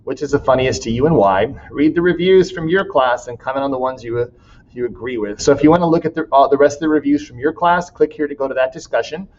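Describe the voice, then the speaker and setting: A man's voice: medium pitch, quick pace, darkish tone, lo-fi sound, a little hiss or hum. A man teaching a class in a recorded walkthrough, casual and laughing often as he reads student writing aloud.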